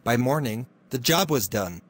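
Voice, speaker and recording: A man narrating a classic fairy tale in a steady, clear reading voice. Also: medium pitch, moderate pace. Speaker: storyteller.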